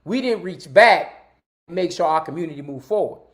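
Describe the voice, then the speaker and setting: Male livestream host, high-pitched, preachy and repetitive, talks straight to the audience. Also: animated, moderate pace. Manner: preachy, repetitive, pleading with viewers. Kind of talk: live-streamed commentary monologue.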